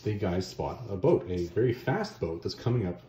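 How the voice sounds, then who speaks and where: A man casually retelling a comic story as a reviewer, animated and slangy, with offhand asides. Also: lowish voice, normal speed, roomy sound, a little hiss or hum.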